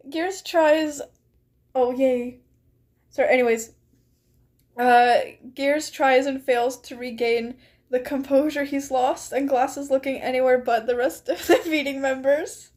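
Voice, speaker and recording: A woman's voice: sits high, steady tone, unhurried, darkish tone. A young woman streaming a game, chatting casually and reading story text aloud with frequent giggles. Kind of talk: casual live-stream chat while gaming and reading aloud.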